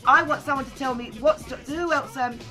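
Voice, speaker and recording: A woman's voice: high-pitched, moderate pace, sharp tone, faint music behind. A woman hosting a casual group chat, prompting her guests to share stories. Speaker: host.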